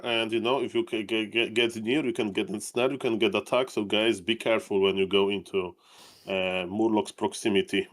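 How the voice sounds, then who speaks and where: A man co-casting a live esports stream, recapping matches in an animated, enthusiastic way. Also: fairly low pitch. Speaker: esports caster.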